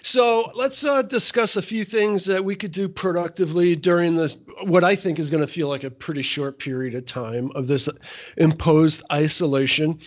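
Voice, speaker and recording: Middle-aged man, higher-voiced co-host. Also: normal speed. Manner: conversational, steers to practical tips. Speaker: podcast co-host. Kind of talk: casual chat.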